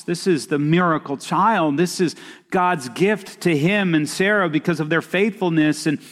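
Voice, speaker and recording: A pastor preaching a sermon, reading scripture aloud and retelling the story with expressive storytelling. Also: male voice, sits high, big-room sound.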